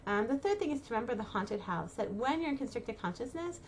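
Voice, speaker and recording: Very animated and quick, with a voice on the high side, a middle-aged inspirational speaker offers mothers casual advice. She uses lots of fillers and restarts and voices anxious inner thoughts, and there's a little hiss or hum.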